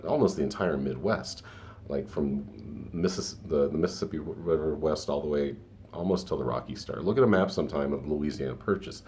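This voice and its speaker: A man's voice: very deep voice, a little mellow, slight background noise. A man hosting a solo podcast, rambling through an opinion rant with frequent restarts and asides. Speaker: podcast host.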